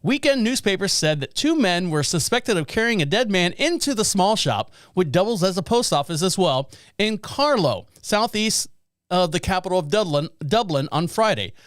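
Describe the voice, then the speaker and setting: Male podcast host, high smooth voice, dry close sound, sarcastic rambling news riffs. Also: very animated, normal speed, fairly bright tone, dry recording. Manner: sarcastic, rambling, laughs at own jokes. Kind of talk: casual news commentary.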